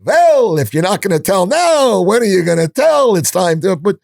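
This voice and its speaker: A man puts on a rabbi at a dinner table, coaxing and insistent, his voice pushed far higher and louder than normal speech. It sounds dry and close to the microphone. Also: very animated, normal speed, creaky, no echo, exaggerated voice. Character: rabbi pressing a guest at dinner.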